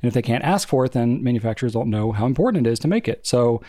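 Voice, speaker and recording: A young man co-hosting a podcast in casual chat, talking in chatty, rambling runs with quick asides. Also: mid-range voice, animated, warm tone, dry recording, studio quality. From family from New England. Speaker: podcast co-host.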